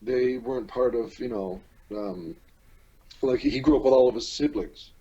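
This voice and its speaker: Halting, rambling man from newfoundland. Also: mid-range voice, vocal fry, warm tone, highs cut off. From Newfoundland and Labrador, Canada. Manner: rambling, halting, many restarts. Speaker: podcast host. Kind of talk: casual chat.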